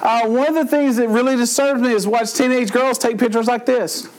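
A man's voice: extremely high pitch, fairly quick. A middle-aged man giving a comedic youth sermon, acting out voices and laughing often. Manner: animated storyteller, acts out voices, laughs often.

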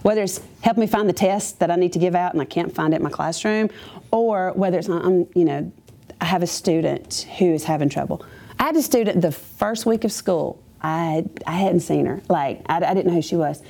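A woman's voice: lowish voice, brisk, gravelly, warm tone. A woman schoolteacher giving a chatty, humorous faith testimony to a live audience, full of asides. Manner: chatty, self-deprecating and humorous, with many asides.

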